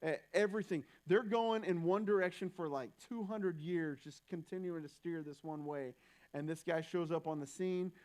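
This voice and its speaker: A man's voice: on the high side, darkish tone. A young man preaching a sermon in a church, talking in a loose, conversational way with frequent restarts. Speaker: pastor.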